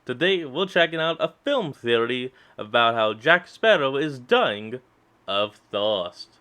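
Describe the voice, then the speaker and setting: A man's voice: medium pitch, very animated, takes it slowly, pushed and bright, smooth. Casual man rambling through a reaction video. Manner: rambling, loose, blunt slang. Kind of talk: casual commentary.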